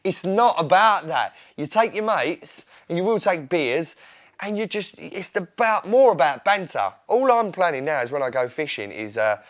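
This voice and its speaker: A young man with an Essex accent, an interview guest who chats in a rambling, excitable way and laughs often. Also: fairly high pitch, normal speed. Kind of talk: casual interview chat.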